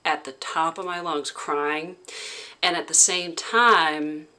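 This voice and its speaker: Slow, low-pitched woman recounting haltingly. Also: bright, forceful tone. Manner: halting, heavy with "like" fillers. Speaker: vlogger. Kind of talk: casual personal recounting.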